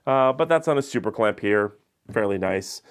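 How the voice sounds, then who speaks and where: A man's voice: on the low side, lively intonation, moderate pace, clear, resonant tone. A man casually walking viewers through his studio lighting and gear, chatty and explanatory with frequent filler words. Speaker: YouTube creator showing his studio. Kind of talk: casual studio tour walkthrough.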